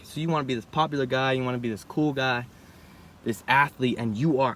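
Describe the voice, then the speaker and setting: Young guy vlogging, rambly and chill, keeps saying bro and right, mid pitch, bit of hiss. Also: fairly quick, a bit bright. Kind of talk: casual reflective monologue.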